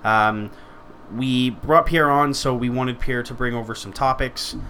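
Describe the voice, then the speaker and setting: A man's voice: mid-range voice, unhurried, sharp tone, slight background noise. A man hosting a podcast in casual chat, teasing and profane. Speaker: podcast host.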